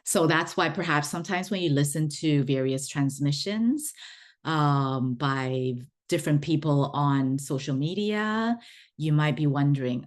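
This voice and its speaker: A woman's voice: low voice, a little slow. A woman talking as a spiritual teacher, explaining in a chatty way and repeating words for emphasis. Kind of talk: explanatory online talk.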